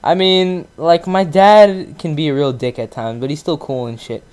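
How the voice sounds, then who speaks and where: A man's voice: on the high side, fairly even intonation, normal speed, darkish tone. A teenage boy hosting his own channel, telling a story in a casual, profane rant full of fillers. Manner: profane, ranting, lots of fillers. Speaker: gaming channel host.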